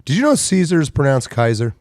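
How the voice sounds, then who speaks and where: A man with a lowish voice chatting casually on a podcast, wandering from point to point and swearing freely. The sound is dry and close, with no room echo. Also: lively intonation, moderate pace, a little mellow. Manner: rambling, profane, digressive. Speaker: co-host.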